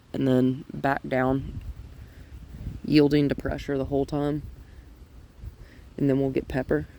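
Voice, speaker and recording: Guy dog trainer outside on a driveway, kinda high voice, mellow, coos praise at the dog. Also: vocal fry, a little hiss or hum. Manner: gentle, coaxing praise to a dog between explanations. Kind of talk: casual training vlog. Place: outdoors on a driveway.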